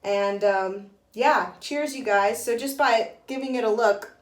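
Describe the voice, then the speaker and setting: A woman's voice: a little high, unhurried. Chatty woman vlogging in an echoey room. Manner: chatty and excitable, many "like"s and restarts. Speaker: host of a book and beer vlog. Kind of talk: casual chatty vlog.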